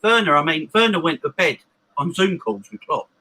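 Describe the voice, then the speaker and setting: A man giving emphatic football opinions in a casual fan panel chat, with quick restarts. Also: on the high side, lively intonation, background noise.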